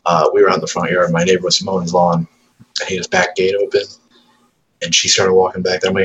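Deep-voiced thirties dad, swears freely, mimics his kid in chat, faint background hum. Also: level tone, fairly quick, fairly bright tone, poor audio. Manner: profane storytelling, acts out his toddler's lines. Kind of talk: casual chat.

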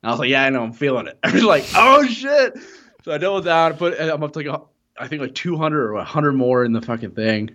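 A man's voice: medium pitch, fast, fairly bright tone. A young man spins a long tale on a casual podcast. He rambles, swears freely and laughs often. The recording sounds slightly muffled and lo-fi. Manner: rambling, profane, laughing storyteller. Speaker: podcast co-host. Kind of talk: casual storytelling chat.

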